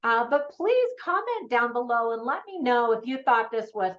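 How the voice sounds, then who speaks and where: A woman's voice: fairly high pitch, big pitch swings, moderate pace, muffled recording. A woman giving a casual, chatty movie review for parents, often laughing.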